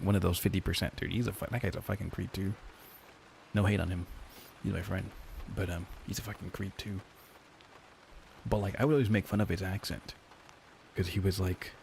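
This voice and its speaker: A man's voice: deep voice, gravelly, darkish tone, a little hiss or hum. A young man streaming, chatting casually and profanely with his viewers, peppering his talk with "like" and "dude". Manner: loose and profane, lots of "like" and "dude". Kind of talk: casual chat with live chat.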